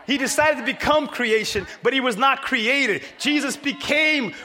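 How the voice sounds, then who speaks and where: A man preaching a sermon to a congregation, energetic and often shouting. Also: very high-pitched, a little slow. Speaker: pastor. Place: church hall with congregation.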